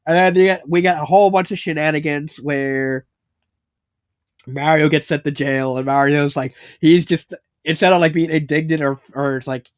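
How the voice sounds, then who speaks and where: A man's voice: on the high side, steady tone, moderate pace, dry recording, clean studio sound. A man giving a rambling, casual spoken review, full of fillers and swearing. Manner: rambling, filler-heavy, swearing, laughs a lot. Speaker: fanfiction reviewer.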